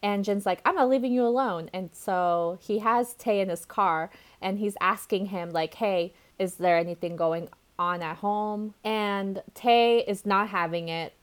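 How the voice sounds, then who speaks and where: A woman's voice: mid-range voice, steady tone, unhurried, hardly any pauses, clean tone. A woman co-hosting a casual chat show, recounting a comic chapter with slangy asides. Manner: chatty storyteller, slangy asides. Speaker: podcast co-host. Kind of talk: casual chat, recapping a webcomic.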